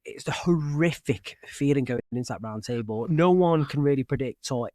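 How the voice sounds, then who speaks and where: British male podcast guest, mid-pitched, candid storyteller, recorded dry and close. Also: moderate pace, mellow, no room sound. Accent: British English. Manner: candid storytelling, dramatic retelling with asides. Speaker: podcast guest, former game show contestant. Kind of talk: casual interview chat.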